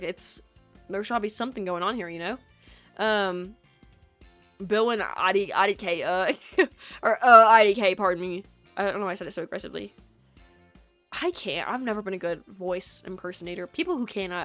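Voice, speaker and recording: Woman streamer rambling away in her bedroom, jokey and self-deprecating, mid pitch. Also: fairly bright tone. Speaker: game streamer. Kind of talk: casual live-stream chat. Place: small bedroom. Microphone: streaming setup.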